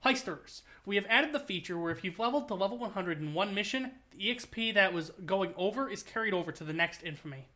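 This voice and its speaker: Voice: mid-range voice, lively intonation, fast, hardly any pauses, pushed and bright. A streamer imitating a game studio figure making a patch announcement in a mock-official tone. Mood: announcing.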